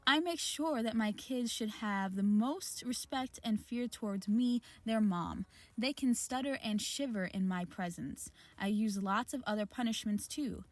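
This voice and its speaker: A woman's voice: medium pitch, a bit bright, no echo. A woman hosting a casual reaction video, reading posts aloud and ranting about them with frequent restarts. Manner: ranting, exasperated, restarts often. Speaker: reaction channel host.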